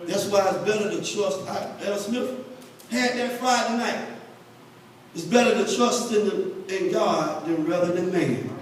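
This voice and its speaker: A man preaching a sermon in a large church, talking to the congregation and rising into shouted, sung cadences. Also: high voice, a little slow. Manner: conversational, calls out to the congregation. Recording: echoey church hall from far off, crowd noise. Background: congregation responding.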